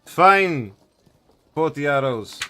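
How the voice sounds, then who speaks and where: A man's voice: fairly high pitch, animated, slow, a bit bright, a little hiss or hum. A man voicing a curt, businesslike male weapon shopkeeper.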